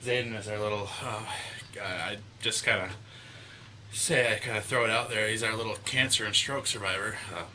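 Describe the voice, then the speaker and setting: A man's voice: lowish voice, steady tone, brisk, pushed and bright, slight background noise, rough recording. A man in his thirties talking casually to a handheld camera inside his house, rambling and correcting himself as he goes. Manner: rambling, self-correcting, chatty. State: out of breath. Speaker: vlogger. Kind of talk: casual vlog talk to camera.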